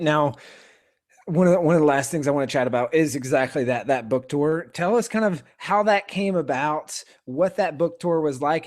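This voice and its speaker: A man's voice: on the high side, darkish tone. Upbeat male podcast host. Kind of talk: interview host.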